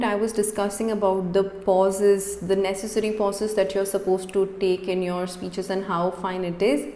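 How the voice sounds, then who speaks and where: A woman's voice: medium pitch, warm tone. A woman giving an unscripted spoken lesson as a cabin crew coach, stressing chosen words as she explains. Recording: echoey room with long reverb.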